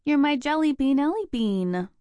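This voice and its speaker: A woman's voice: fairly high pitch, animated, normal speed, dry recording, close to an everyday voice. A woman reading the part of a playful young woman in her twenties, a teasing best friend who talks in an upbeat, sing-song way. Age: 20s.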